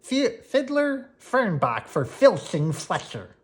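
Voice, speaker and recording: A reader doing an excited young girl sleuth. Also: mid-range voice, slow, voice pushed up. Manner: excited, emphatic. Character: eager young girl detective, insistent.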